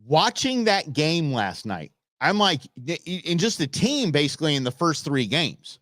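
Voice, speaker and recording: A middle-aged man hosts a live show in a loose, opinionated rant, answering his chat as he goes. His voice swings widely in pitch, and the sound is close and dry. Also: very animated, unhurried, a bit bright, no room sound. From Los Angeles area. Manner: opinionated, ranting, talks back to chat. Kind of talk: casual live-stream chat.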